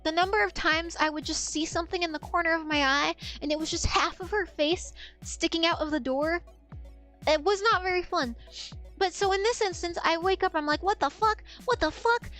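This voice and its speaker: A young woman streamer telling an animated, profane story in casual chat. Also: very high-pitched, fairly quick, soft background music.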